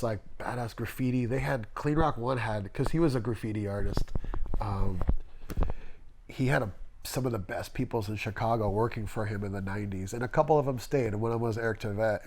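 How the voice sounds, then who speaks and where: Middle-aged guy rambling through stories, voices the people he quotes, average pitch. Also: fairly quick. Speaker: tattoo artist guest. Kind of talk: casual storytelling interview.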